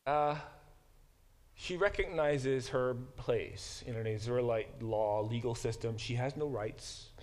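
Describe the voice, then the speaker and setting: A middle-aged professor teaching a Bible class lectures in a slow, mid-range voice with a darkish tone. His explanations are full of fillers and restarts.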